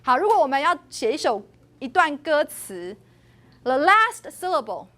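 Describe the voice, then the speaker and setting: A high-voiced woman lectures a university phonetics class, switching between English and Mandarin. Very animated and speaking at a normal speed, she demonstrates tones and vowels by saying them aloud.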